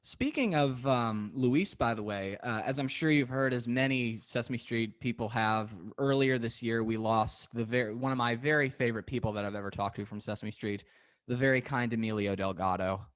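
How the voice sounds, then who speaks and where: A man's voice: medium pitch, normal speed. A man hosting a podcast interview, telling stories in an eager, chatty way. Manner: enthusiastic, chatty storyteller. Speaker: podcast host. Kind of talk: casual interview chat.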